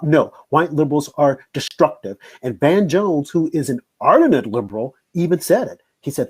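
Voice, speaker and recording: Emphatic man with a husky, mellow voice. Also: mid-range voice. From United States. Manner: emphatic, repetitive. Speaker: host. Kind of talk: political commentary.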